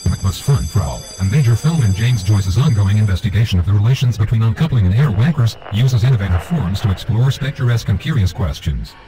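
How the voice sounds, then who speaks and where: Fast-talking low-voiced male lecturer. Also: expressive, over music, low-quality recording. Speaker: narrator. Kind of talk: mock-academic scripted narration.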